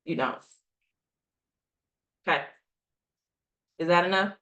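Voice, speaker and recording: A woman's voice: on the low side, slow, sharp tone. A woman coaching a group, speaking emphatically, asking rhetorical questions and repeating lines for effect. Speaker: health coach. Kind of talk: motivational coaching talk.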